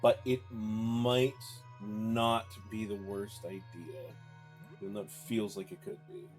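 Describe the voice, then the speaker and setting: A man's voice: fairly low pitch, fairly even intonation, takes it slowly, darkish tone, soft background music. A young man, chatting casually while streaming a game live and reading chat aloud. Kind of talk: live gameplay commentary.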